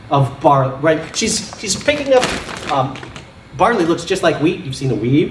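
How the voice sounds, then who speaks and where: Animated man preaching in a roomy church. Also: fairly high pitch, normal speed, recorded from a distance, background noise. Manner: animated, laughing often, with sound effects and props. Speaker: pastor. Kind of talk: sermon. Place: church sanctuary.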